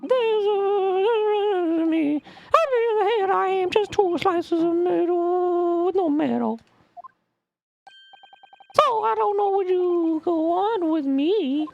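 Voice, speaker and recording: A woman voicing a shy, timid male witness who carries a sign, in a squeaky, hesitant, halting voice, as she reads a video game's lines aloud. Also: vocal fry, highs cut off, slight background noise, full character voice. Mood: meek.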